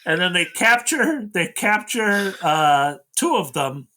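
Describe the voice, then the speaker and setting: A man's voice: sits high, big pitch swings, takes it slowly, bright, forceful tone. A man in his sixties hosting a casual movie recap, rambling through the plot and acting out lines. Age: 60s. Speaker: podcast host.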